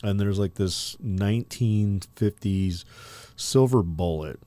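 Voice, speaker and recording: A man's voice: on the low side, slow, warm tone, dry recording. A man co-hosting a podcast, telling a story in a rambling, casual way full of fillers and profanity. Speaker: podcast co-host.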